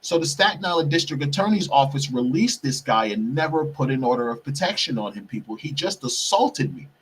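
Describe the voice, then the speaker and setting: A man's voice: medium pitch, very animated, fairly quick, slight background noise. A man hosting a podcast, telling a heated personal story, profane and repeatedly calling out to his listeners as "people". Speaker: podcast host. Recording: distant mic, husky sound.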